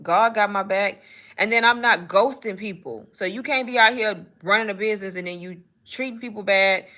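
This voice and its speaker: A woman talking loosely on a live stream. Her voice is bright and forward. She chats in an animated way and turns to answer viewers' comments. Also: mid-range voice. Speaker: host of a live Q&A on online business.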